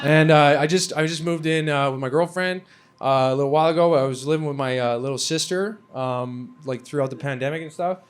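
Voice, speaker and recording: A man's voice: fairly high pitch, a little fast, a little hiss or hum. A young man from Canada doing a stand-up comedy set on stage, ranting profanely with lots of fillers. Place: comedy venue stage before a live audience.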